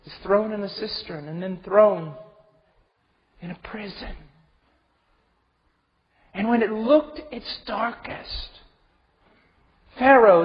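A man preaching a sermon with passion, swinging from hushed tones to shouting. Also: high voice. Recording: dull recording with long hall reverb.

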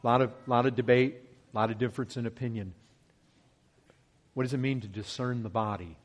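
A man preaching a sermon, working through scripture verse by verse. He swings from loud, pressing emphasis to hushed, slowed lines. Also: medium pitch, steady tone.

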